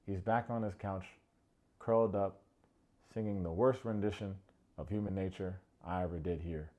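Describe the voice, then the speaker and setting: A man hosting a comedic TV recap, sarcastic and quick to mock. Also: fairly even intonation, mellow. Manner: sarcastic, acts out quotes in high mocking voices. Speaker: recap show host.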